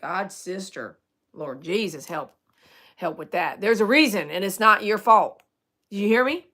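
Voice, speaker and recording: A woman's voice: medium pitch, animated, moderate pace, fairly bright tone. A woman, a dog groomer chatting casually on a livestream, rambling and joking with her viewers as she reads their comments.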